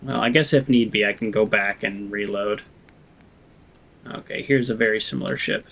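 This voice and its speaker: A man's voice: lowish voice, steady tone, moderate pace, gravelly, a bit bright, low-quality recording. Sarcastic man narrating a game. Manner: sarcastic, grumbling, thinks aloud. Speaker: gaming channel host. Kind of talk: let's play commentary.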